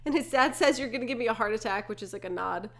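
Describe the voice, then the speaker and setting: A woman's voice: fairly high pitch, quick pace. A woman co-hosting a casual chat, retelling a film scene by scene and laughing often. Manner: laughs often, acts out quoted lines. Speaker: podcast co-host. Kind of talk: casual movie recap chat.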